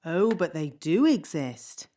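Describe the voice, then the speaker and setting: A woman's voice: fairly low pitch, very animated, slow, dark tone. A woman voicing a bossy, fussy fairy nanny in a children's cartoon, talking in a chatty, matter-of-fact way. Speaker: nanny to the princesses.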